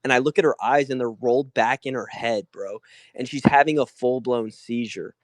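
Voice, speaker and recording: A man's voice: mid-range voice, moderate pace, no echo. Young guy rambling thru a story on a call, lots of "like", dry close mic. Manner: rambling, full of "like" and acted-out quotes. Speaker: guest telling a story. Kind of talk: casual storytelling on a live call.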